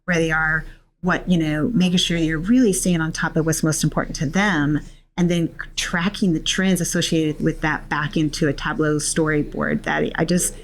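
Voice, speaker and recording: A woman hosting an interview with an upbeat, affirming manner. Her voice sits a little low for a woman. She keeps the chat friendly and casual. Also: little pitch movement, moderate pace, a little hiss or hum. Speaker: interview host.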